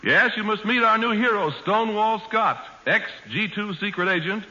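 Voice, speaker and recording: A man's voice: high-pitched, normal speed, sharp tone. A man announcing in an upbeat, promotional style on an old radio show. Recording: muffled old radio broadcast.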